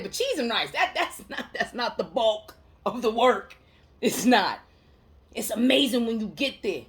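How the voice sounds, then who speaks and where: A woman with a fairly high voice talks straight to camera in a heartfelt motivational monologue. She is a counselor who speaks in emphatic slang and repeats her phrases to press each point. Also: sing-song, unhurried. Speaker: mental health counselor.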